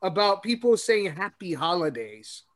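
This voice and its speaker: A man from the West Coast telling stories in a casual podcast chat, animated and swearing. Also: high voice, unhurried, crowd noise. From West Coast, USA.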